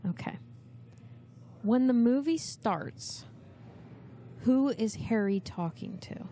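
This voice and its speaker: A woman's voice: a little high, lively intonation, slow, warm tone, slight background noise. A woman hosting a podcast quiz, chatting casually and laughing easily from a couch in a busy venue. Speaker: podcast host running a movie quiz. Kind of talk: casual chat.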